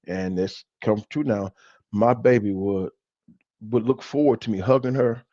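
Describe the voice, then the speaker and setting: A man's voice: lowish voice, measured pace, warm tone, no echo. A man co-hosting a church talk show, telling personal stories earnestly and often restarting his sentences. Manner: earnest storytelling with many restarts. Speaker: church leader and co-host. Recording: dull, dry lo-fi sound.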